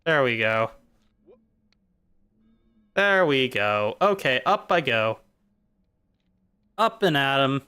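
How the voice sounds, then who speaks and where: A male streamer with a smooth, mid-range, fairly bright voice chats casually as he plays a game. His rambling talk drifts playfully from jokes to musings.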